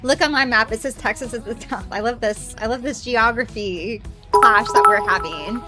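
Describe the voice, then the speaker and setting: A woman streaming a game and chatting casually with her viewers, excitable and quick to swear, squealing greetings when viewers arrive. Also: fairly high pitch, soft background music.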